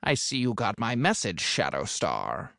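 A man's voice: fairly low pitch, wildly swooping pitch, a little slow, vocal fry, sharp tone, dry recording, studio quality, voice pushed down, heavily acted. A man voicing a smug, theatrical male supervillain with fire powers in an audiobook, speaking in a mocking, gloating manner.

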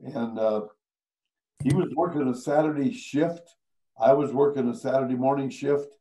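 An older man, a veteran radio announcer, telling stories on stage at a live event, animated and acting out the people he quotes. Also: mid-range voice, normal speed, poor audio. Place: live event before an audience.

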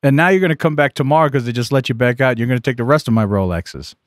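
Podcast co-host, man, mid-pitched, rambling explainer with jokes, dead dry room. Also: fast, no room sound. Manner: explains at length, joking asides. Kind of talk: casual podcast chat.

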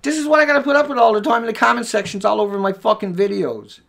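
A man hosting a livestream who rants furiously, hurling profane insults and sometimes shouting. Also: sits high, fast talker, vocal fry. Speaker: livestream host. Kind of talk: angry livestream rant.

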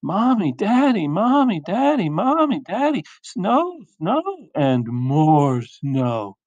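A man voicing a stubborn young girl, drawing her wishes out slowly in a sing-song way. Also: mid-range voice, expressive, gravelly, a little mellow, muffled recording. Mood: excited.

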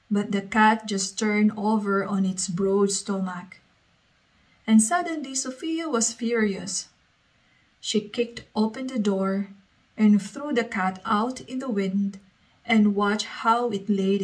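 A woman reading a story aloud as a storyteller, slowly and evenly. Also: medium pitch, low-quality recording.

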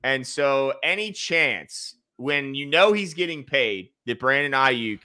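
A man's voice: mid-range voice, animated, slow pace, pushed and bright. A man hosting a casual sports talk show, rambling and reading viewer comments aloud. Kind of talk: casual sports podcast chat.

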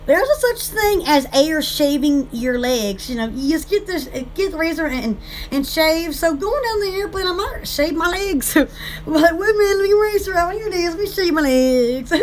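A woman's voice: very high voice, lively intonation, moderate pace, slight background noise. A woman, hosting her online shop in rambling casual chat, giggly and silly, laughing and squealing often.

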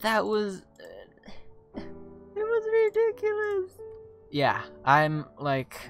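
Let's-play host, tired, chatty and excitable, rambling, mid-pitched voice, faint game music behind. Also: drawn-out words, creaky. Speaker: gaming video host. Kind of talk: casual let's-play commentary.

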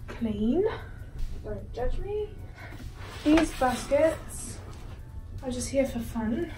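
Filmed from across the room while cleaning her cluttered bedroom, a woman keeps up a silly, joking commentary aimed at her own stuff. Her high voice is expressive but dark in tone, and she speaks very slowly with long pauses; the audio is distant and echoey, with background music.

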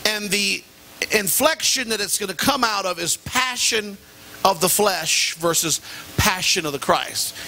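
A middle-aged male pastor preaching a sermon and telling animated, self-deprecating stories with sudden jumps in pitch. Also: a little hiss or hum. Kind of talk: sermon with personal anecdote. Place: church sanctuary.

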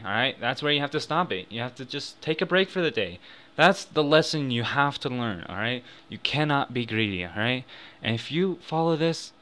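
Bright and forceful at medium pitch, this young gaming YouTuber chats casually about gambling from a desk microphone in his home room. He's excitable, lurching between muttering and yelling while he bets and cheers.

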